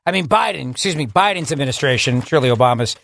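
A man's voice: medium pitch, animated, quick pace, gravelly, a bit bright. A man hosting talk radio, indignant and emphatic, repeating words for stress. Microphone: studio microphone.

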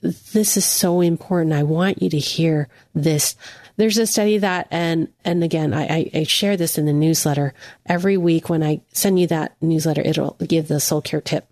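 A woman giving an earnest devotional teaching, speaking gently to the listener as a friend. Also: low-pitched, moderate pace, dry recording, clean studio sound.

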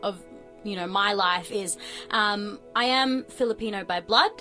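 Young Australian woman, bright voice. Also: medium pitch, unhurried, faint music behind, poor audio. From New Zealand-born, raised in Melbourne. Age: young adult. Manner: reflective, many fillers. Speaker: podcast guest. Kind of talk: casual chat.

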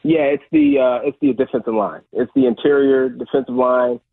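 A man's voice: medium pitch, steady tone, moderate pace, breathy edge, no room sound. A former football player calling in as a guest analyst on sports radio, talking emphatically and tagging his points with "all right?". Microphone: phone call. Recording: tinny phone line.

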